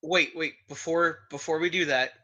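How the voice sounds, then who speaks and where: A man playing a tabletop game, speaking low-key and earnest. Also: fairly even intonation, normal speed, sharp tone, lo-fi sound. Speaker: player. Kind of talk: casual tabletop play.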